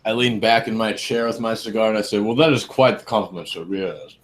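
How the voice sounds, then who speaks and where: A man's voice: on the low side, a little fast. A man at a tabletop game, playfully role-playing a character and stepping in and out of it. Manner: playful, laughs often, drops in and out of character. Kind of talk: casual in-character role-play.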